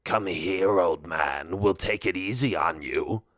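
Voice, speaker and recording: A man voicing a creepy, menacing male orc who talks in a low, mocking way. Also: slow, a bit bright, no echo, studio quality.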